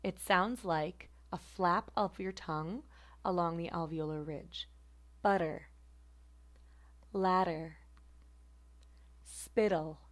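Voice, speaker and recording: A woman teaching a phonetics class, speaking deliberately and repeating example words slowly to demonstrate them. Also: on the low side, a bit bright. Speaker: phonetics instructor. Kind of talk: recorded lecture demonstration.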